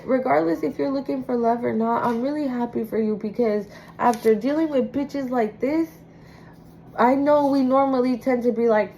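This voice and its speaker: A woman with a somewhat high, mellow voice gives a casual tarot reading straight to her viewers. She talks bluntly and emphatically and swears freely. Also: normal speed, a little hiss or hum, low-quality recording. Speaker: tarot reader.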